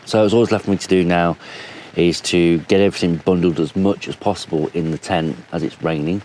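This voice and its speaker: A man's voice: low voice, fairly even intonation, brisk, a little mellow, a little hiss or hum. A tired man rambling easily to camera from inside his tent at a campsite, talking with lots of fillers. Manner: rambling, easygoing, many fillers. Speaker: camping vlogger. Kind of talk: casual vlog chat to camera. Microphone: action camera.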